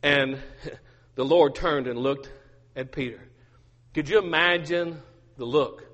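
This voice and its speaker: High, bright-voiced preacher in a ringing hall. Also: male voice, slow pace, muffled recording. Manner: emphatic, repetitive, humorous asides. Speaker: pastor. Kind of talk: sermon.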